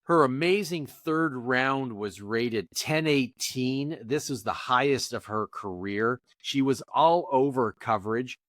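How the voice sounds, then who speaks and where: A man's voice: mid-range voice, takes it slowly, few pauses, no room sound. Brief: rambling podcast co-host, man, mid voice, close dry mic. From Canada. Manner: rambling, animated, lots of restarts. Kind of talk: casual chat.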